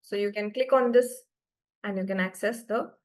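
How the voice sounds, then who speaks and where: A woman's voice: medium pitch, moderate pace, darkish tone. A woman teaching French to beginners in an online class, explaining patiently and often checking that students follow.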